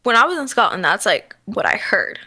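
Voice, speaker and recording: A woman's voice: medium pitch, big pitch swings, fairly quick, bright, forceful tone, slightly rough, no echo, studio quality. A woman in her twenties co-hosting a podcast, gushing and giggly, saying "like" a lot. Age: 20s. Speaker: podcast co-host. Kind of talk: casual chat.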